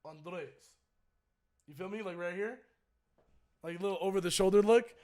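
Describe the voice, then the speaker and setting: A young man streaming, retelling a personal story in a casual, animated way and acting out both sides with swearing. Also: high voice, fast. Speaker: streamer and co-host.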